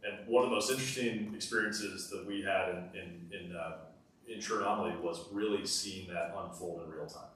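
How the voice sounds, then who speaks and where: Low-voiced man on a conference panel. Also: fairly quick, fairly bright tone. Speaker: company executive panelist. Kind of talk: panel discussion. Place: large university hall. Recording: echoey hall, mic far off, faint noise.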